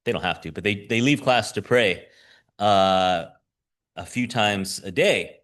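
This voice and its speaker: A man's voice: fairly low pitch, unhurried, a bit bright. A man who teaches school, preaching a conversational sermon with frequent chuckles and "right?" asides.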